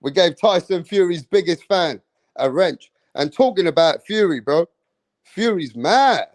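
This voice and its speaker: A man's voice: sits high, animated, measured pace, no echo. A man hosting a casual live stream, chatting with viewers in hyped, profane, slangy banter.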